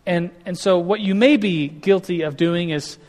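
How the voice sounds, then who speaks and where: Long reverb from the hall surrounds a high-pitched, slightly mellow male pastor speaking at a normal pace. His sermon is relaxed and conversational, full of restarted sentences and acted-out quotes.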